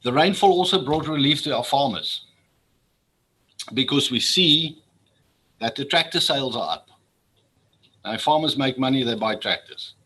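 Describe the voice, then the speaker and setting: A man's voice: medium pitch, moderate pace, pauses often, bright, forceful tone, slightly rough, low-quality recording. A man gives a formal speech to an assembly as a public official. He speaks earnestly and often repeats words when he feels strongly. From South Africa.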